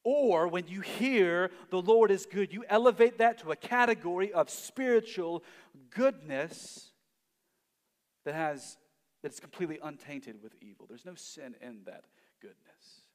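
A man preaching a sermon. He swells to loud emphasis and then drops almost to a hush. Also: high-pitched, measured pace, big-room sound. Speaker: pastor.

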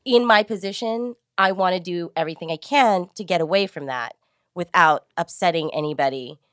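Woman guest, casting director, relaxed and candid, slightly low voice, dry mic. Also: fairly quick, dry recording. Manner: relaxed, laughs easily, candid. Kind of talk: casual interview chat.

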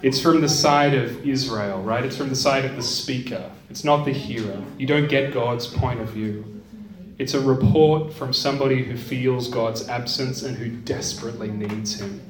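A man's voice: medium pitch, normal speed, a crowd in the background. A man gives a conversational teaching talk on a psalm, often checking in with his listeners. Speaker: lecturer on the Psalms. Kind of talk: teaching talk with scripture reading. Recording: echoey room, mic at a distance.

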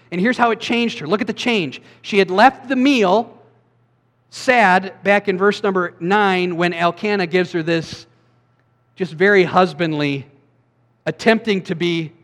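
A man giving a sermon as a pastor, preaching in a conversational way with quick asides. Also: sits high, fairly bright tone, long reverb tail.

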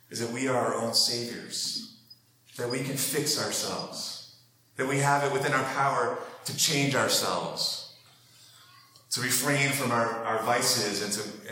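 A man delivers a sermon in an earnest, conversational way, turning often to his listeners with questions. His voice sits at an ordinary middle pitch. The sound carries the echo of a roomy space. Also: sharp tone, a little hiss or hum. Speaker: pastor.

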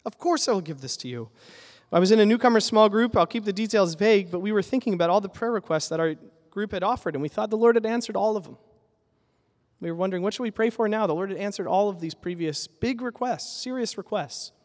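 A pastor preaching a sermon in an earnest, emphatic way, building with repeated phrases. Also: male voice, sits high, quick pace, in a large hall.

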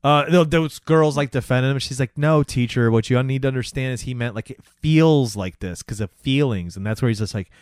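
A man's voice: mid-range voice, a little fast, few pauses, darkish tone, clean tone, no room sound, clean studio sound. A man in his thirties co-hosting a casual podcast, laid-back, laughing often and retelling scenes with voiced quotes. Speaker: podcast co-host. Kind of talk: casual chat recapping a sitcom.

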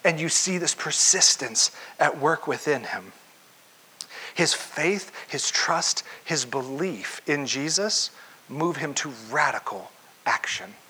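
A male preacher delivers a sermon with expressive storytelling and often steps into the scene himself. His voice sits somewhat high, with a bright, forward tone and a husky grain. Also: slow pace, rough recording.

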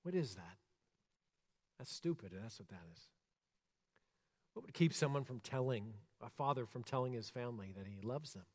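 A man preaching a sermon, earnest, rising to emphasis and dropping soft and slow. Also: mid-range voice, animated. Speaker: pastor. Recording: long reverb of a church hall.

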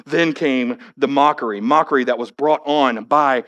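A man preaching a sermon as pastor, conversational and plain-spoken, building to animated, rising passages. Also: mid-range voice, moderate pace.

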